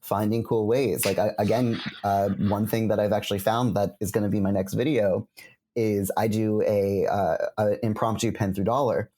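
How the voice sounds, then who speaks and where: Young male magician guest, husky low voice, rambling casual talk. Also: normal speed. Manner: chatty, lots of filler words, animated quoting of spectators. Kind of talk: casual conversation.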